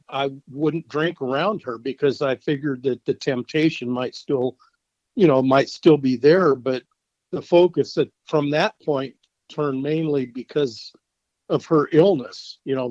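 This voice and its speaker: A middle-aged man talks in a plain, hesitant way, full of "you know" and small restarts. His pitch is mid-range. The sound is dry and somewhat dull, with no echo. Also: measured pace, a little mellow. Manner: plain-spoken and hesitant, with many fillers. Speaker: guest, the husband. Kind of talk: candid interview answers.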